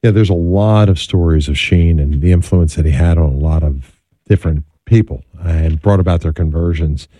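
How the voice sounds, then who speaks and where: A man hosting a radio talk show, with a measured on-air delivery, speaking to a guest and his listeners. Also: low-pitched, warm tone, no room sound. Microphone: studio microphone.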